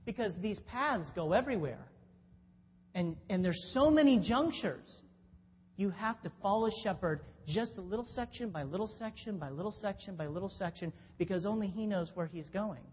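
Lively woman preaching in an echoing hall. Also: moderate pace, husky. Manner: animated storytelling, with restarts and sudden pitch jumps. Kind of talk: sermon. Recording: dull sound in a long-reverb hall with faint noise.

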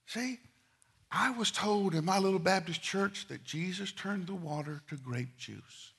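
A middle-aged man preaching a sermon, telling stories and swinging from loud, quick asides to hushed, slow lines. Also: high-pitched, creaky, husky.

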